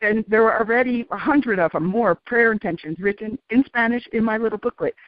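Calm, laughing woman on radio. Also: a little high, fairly quick, dry recording. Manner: calm, animated, laughs often. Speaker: interview guest. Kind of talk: storytelling in a radio interview. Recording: dull, dry radio sound.

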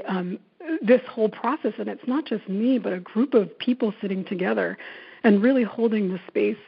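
Woman, workshop facilitator, earnest storyteller full of restarts; husky texture on a muffled, lo-fi recording. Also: medium pitch. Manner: earnest, many fillers and restarts, quotes others. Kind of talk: reflective talk with personal stories. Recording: dull lo-fi recording.

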